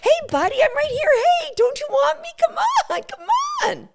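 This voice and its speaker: A woman voicing a small eager rabbit that pleads with a dog to chase it, in a squeaky, coaxing voice. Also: big pitch swings, moderate pace, gravelly, noisy background, exaggerated voice. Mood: pleading.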